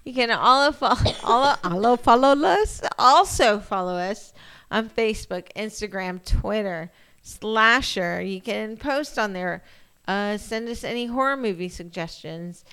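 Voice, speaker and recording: A woman's voice: mid-range voice, animated, unhurried, a bit bright, clean tone. A woman in her thirties co-hosting a casual podcast, blunt and profane, laughing a lot. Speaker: podcast co-host. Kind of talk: casual chat.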